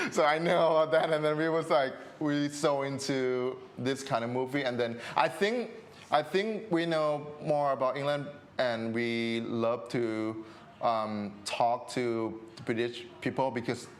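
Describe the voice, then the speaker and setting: A man's voice: mid-range voice, a little slow. Thai-accented man telling stories with laughs. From Thailand. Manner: animated storytelling with acted-out quotes and frequent laughs. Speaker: podcast guest. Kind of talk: casual interview chat.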